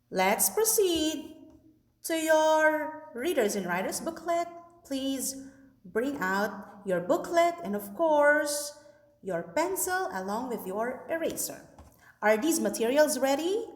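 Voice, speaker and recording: Woman teacher, slow, sing-song delivery for young learners; recorded in an echoey room with a long tail. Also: high voice. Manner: slow, sing-song teacher talk with many checks for understanding. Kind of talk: recorded online class lesson.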